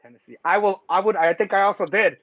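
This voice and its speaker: High-voiced excitable man on a podcast. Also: quick pace, dry recording. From Mexico. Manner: loose, profane, excitable, laughs often. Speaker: podcast host. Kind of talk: casual sports chat. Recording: dull lo-fi sound, dry.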